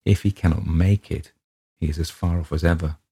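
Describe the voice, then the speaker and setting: Man, narrator, deep voice, dark tone, measured audiobook reading. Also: steady tone, breathy edge. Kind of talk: audiobook narration of a classic ghost story.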